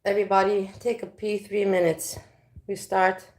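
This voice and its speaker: A woman's voice: medium pitch, flat delivery, normal speed, a little mellow. A woman chatting casually to viewers in a livestream from her home kitchen, talking frankly and rambling as she goes, recorded on a phone. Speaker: livestream host.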